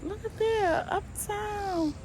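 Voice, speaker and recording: A woman vlogger chatting casually to her viewers in an animated, exclamatory way. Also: very high voice, takes it slowly, slight background noise. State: emotional, close to tears. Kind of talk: casual vlog chat.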